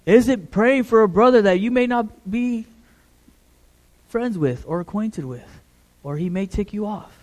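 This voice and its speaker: A middle-aged man preaching a sermon in a relaxed, conversational way, often checking in with the congregation. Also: sits high, measured pace. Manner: conversational, repeats "right?" to the congregation.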